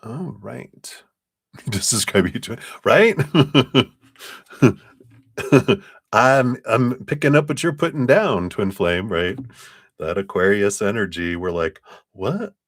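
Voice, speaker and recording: A man's voice: fairly low pitch, slow pace, pauses often, fairly bright tone, dry recording, clean studio sound. A man doing a casual live tarot reading, chatty and loose in his phrasing, often breaking into laughter. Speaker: tarot reader on a live stream.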